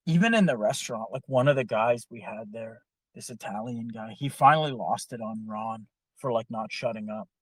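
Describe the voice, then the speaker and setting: A man's voice: mid-range voice, no echo. A man tells a rambling story with plenty of swearing and exasperation in a mid-range voice. The sound is dry, with no room around it. He talks casually, like a podcast host.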